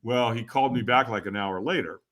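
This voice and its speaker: A middle-aged man with a bright, forceful voice tells his story as a podcast guest. He is animated, laughs often and slips into the voices of the people he quotes. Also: medium pitch, a little fast. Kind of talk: storytelling interview.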